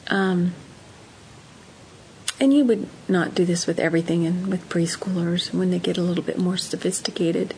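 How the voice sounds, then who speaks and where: A woman's voice: fairly low pitch, steady tone, normal speed, slight background noise, rough recording. A woman giving parenting advice in an earnest, emphatic way, acting out example conversations. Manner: warm, earnest, emphatic, acts out example dialogues. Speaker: parenting counselor guest.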